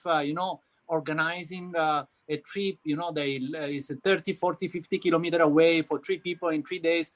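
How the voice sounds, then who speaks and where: A man with an Italian accent, a company founder speaking as a guest in a casual live interview, hesitant and full of fillers and restarts. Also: fairly high pitch.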